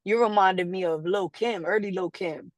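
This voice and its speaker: A woman being interviewed, telling a story in a casual, animated way, acting out quotes and laughing often. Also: medium pitch, normal speed, no room sound. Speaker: guest artist.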